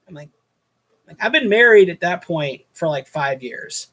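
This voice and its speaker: A man's voice: sits high, animated, measured pace, sharp tone. A man hosting a casual show, telling a rambling, exasperated story about a pushy guest at his hotel night-desk job, with many restarts.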